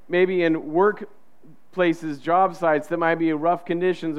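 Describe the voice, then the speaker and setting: High, clear-voiced male pastor. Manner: conversational, acts out quoted inner voices. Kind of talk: sermon.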